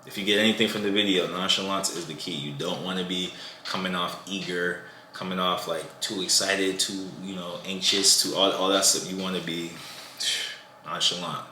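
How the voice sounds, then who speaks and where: A man's voice: low-pitched, steady tone, moderate pace, pushed and bright, roomy sound, a little hiss or hum. A man casually giving dating advice to the camera, loose and conversational, often asking "you know what I'm saying".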